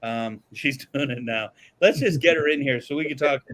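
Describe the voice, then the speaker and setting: A man co-hosting a podcast in casual chat, joking and excitable, swearing freely. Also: mid-range voice, normal speed. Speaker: podcast co-host. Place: podcast studio.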